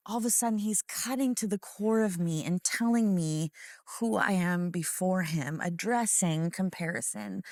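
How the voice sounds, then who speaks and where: A woman's voice: on the low side, moderate pace, a little mellow, no echo, clean studio sound. Earnest woman telling a faith story. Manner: earnest storytelling, acts out inner dialogue. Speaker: worship leader guest. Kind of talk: casual faith talk show conversation.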